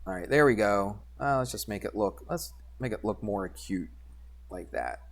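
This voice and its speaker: Male math teacher, easygoing classroom delivery, quizzes the class, mutters while clicking through software. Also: lowish voice, lively intonation, moderate pace, creaky. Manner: conversational, asks students questions and answers himself; talks while working drawing software, mutters asides. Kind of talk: classroom geometry lesson.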